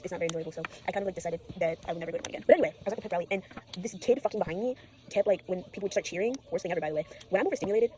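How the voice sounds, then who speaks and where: A woman's voice: on the low side, background noise. A teenage girl vlogging at home after an all-nighter, tired, swearing and rambling from topic to topic. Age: teens. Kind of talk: rambling late-night vlog.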